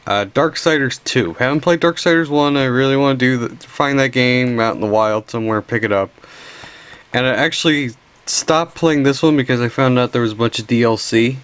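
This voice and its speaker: A man's voice: mid-range voice, brisk, a bit bright, smooth. A tired young man casually showing his game collection, rambling with restarts and stifled yawns while filming. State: sleepy. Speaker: collection video host. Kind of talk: casual show-and-tell narration.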